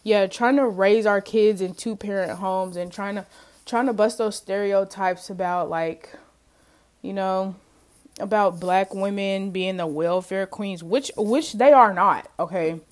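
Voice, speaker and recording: A woman's voice: medium pitch, a little slow. Chatty young woman podcaster. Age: young adult. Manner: chatty and emphatic, addresses listeners as y'all, laughs often. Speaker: podcast host. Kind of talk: casual solo podcast monologue.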